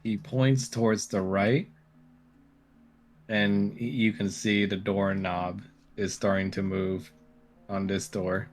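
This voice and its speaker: Low-voiced man running a tabletop game. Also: slow pace, pauses often. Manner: relaxed, hesitant with fillers, laughs often. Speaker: game master.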